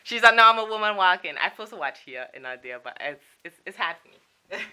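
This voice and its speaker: Showing off her souvenirs on a vlog, this young Saint Martin woman keeps things light and playful, tossing in laughing asides. She speaks at a medium pitch, fairly quickly, with an animated, sharp yet smooth tone.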